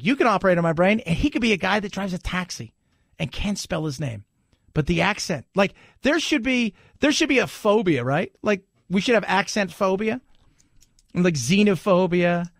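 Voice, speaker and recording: On a talk radio show, a man delivers opinionated commentary, emphatically repeating his points to drive them home. His voice sits high, captured cleanly on a studio microphone in a radio studio with no echo.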